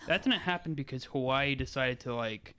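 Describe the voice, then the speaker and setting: A man's voice: medium pitch, moderate pace, fairly bright tone. A young man with an ordinary mid-range voice chats casually with friends on a podcast. He talks in a loose, rambling way, tossing in fillers and dry jokes. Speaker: podcast co-host. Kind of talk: casual chat.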